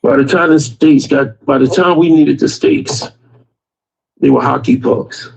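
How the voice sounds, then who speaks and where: A man telling a story slowly in a casual chat. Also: fairly high pitch, fairly even intonation, vocal fry. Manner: slow, drawn-out storytelling with laughs. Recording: dull lo-fi sound.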